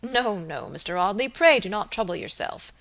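A woman's voice: mid-range voice, animated, normal speed, fairly bright tone. A woman reading an audiobook and voicing a proper, formal male village surgeon who speaks with stiff politeness. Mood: formal, indignant.

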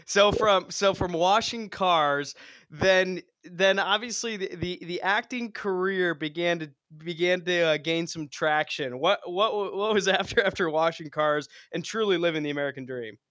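A man's voice: sits high, normal speed, pushed and bright, no room sound. A man hosting a casual interview, teasing playfully and laughing easily. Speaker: podcast host.

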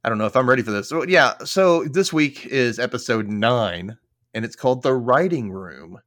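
A man hosts a podcast that rewatches a TV show, chatting casually and recapping an episode with playful jokes and frequent laughter. His mid-range voice is expressive and a bit bright at a moderate pace, recorded in studio quality with no room sound.

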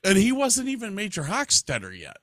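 A man's voice: sits high, a little fast, no echo, studio quality. A man co-hosting a podcast in casual chat, reading facts aloud and reacting. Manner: reads facts aloud with lively, animated delivery. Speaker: podcast co-host.

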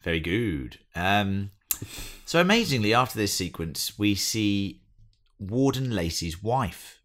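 A man's voice: on the low side, big pitch swings, takes it slowly, a bit bright. An English man co-hosting a podcast, chatting casually as he recaps an episode from his notes. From England. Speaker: podcast co-host. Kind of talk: casual chat.

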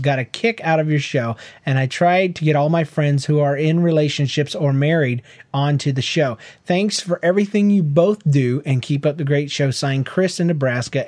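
A man's voice: on the high side, darkish tone, no room sound. A man co-hosting a casual podcast with his wife, joking, teasing and reading listener emails aloud. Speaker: podcast co-host. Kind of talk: casual chat.

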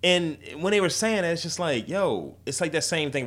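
A man's voice: a little high, moderate pace. A man co-hosting a casual podcast chat with a Baltimore accent, swearing and mimicking people as he tells stories. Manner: animated, profane, mimics people mid-story. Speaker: podcast co-host.

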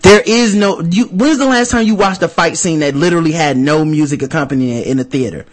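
A man co-hosting a podcast with a slightly high voice, talking in a loose and profane way. He tells stories with energy and slips into mock voices. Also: a little fast. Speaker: podcast co-host. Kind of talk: casual chat.

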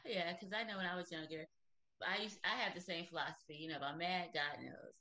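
Bright-voiced woman podcast host. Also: on the low side, a little fast. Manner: reflective, affirming, asks follow-up questions. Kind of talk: casual faith interview.

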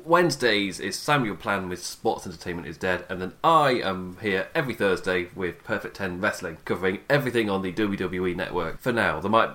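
A man's voice: lowish voice, animated, brisk, a bit bright. A young man hosting a casual wrestling podcast, rambling and restarting his sentences and often laughing at himself. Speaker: podcast host.

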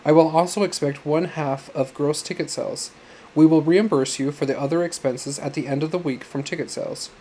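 A man's voice: fairly high pitch, steady tone, a little fast, warm tone, slight background noise, lightly acted. A man voicing a haughty male musician in an audiobook, speaking in a bored, lofty way.

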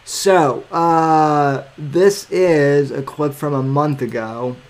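A man hosting his podcast in casual talk, halting and searching for words as he sets up a clip. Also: on the high side. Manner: halting, searching for words while working the screen. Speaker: podcast host.

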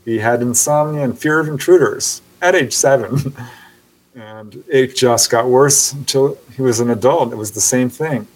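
A man who is a podcast guest, telling a story with lively narration that acts out the people in it and laughing often. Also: mid-range voice, moderate pace, low-quality recording. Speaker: guest, author on UFO encounters. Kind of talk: animated storytelling in a podcast interview.

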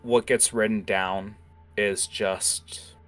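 Low-voiced casual game master. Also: male voice, steady tone, takes it slowly, a bit bright, faint music behind. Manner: casual, many fillers. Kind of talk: narrating a tabletop game.

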